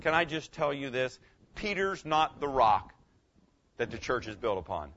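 Emphatic preacher man, bright lo-fi sound. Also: mid-range voice, very animated, moderate pace. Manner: emphatic, asks the congregation questions. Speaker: pastor. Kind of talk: sermon. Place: room with a congregation. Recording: dull lo-fi recording.

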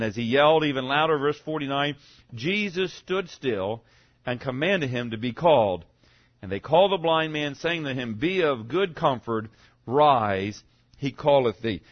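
A man preaching a sermon, swinging between loud, fervent cries and hushed, low lines. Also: dull audio.

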